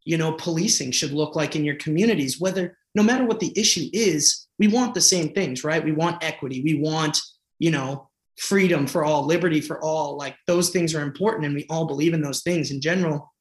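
Political candidate, male, from the Boston area; earnest, passionate delivery with restarts, slightly high voice, reverberant room. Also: fairly quick. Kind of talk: conversational interview.

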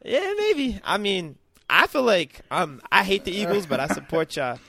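A man hosting a podcast, chatting casually about football, animated, teasing and swearing freely. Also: sits high, moderate pace, vocal fry, a crowd in the background. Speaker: podcast host. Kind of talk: casual chat.

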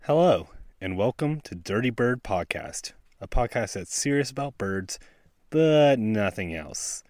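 A man with a West Virginian accent and a medium-pitched, darkish voice hosts a laid-back podcast outdoors in a snowy forest by a stream. He talks casually and self-deprecatingly, animated but a little slow. The recording is studio quality with no echo.

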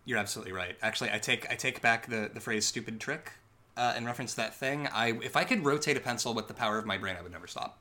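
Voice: mid-range voice, racing, hardly any pauses, pushed and bright. A podcast co-host recapping a movie in casual, wry chat, full of asides and fillers.

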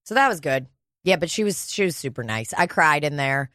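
A woman's voice: low voice, lively intonation, brisk, fairly bright tone, no room sound. Woman co-host, casual chat, blunt and sweary, dry close sound. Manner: candid, profane storytelling.

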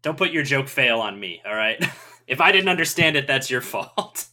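A man with a bright, sharp voice trading jokes on a podcast. His pitch swings widely as he teases the host. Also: sing-song, moderate pace. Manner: bantering, laughs a lot. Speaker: podcast guest. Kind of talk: casual podcast chat.

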